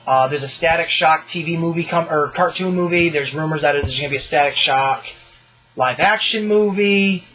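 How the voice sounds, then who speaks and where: A man's voice: a little high, normal speed, highs cut off. A man hosting a podcast in casual chat, loose and profane, ranting with energy. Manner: loose, profane, animated rants. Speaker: podcast host.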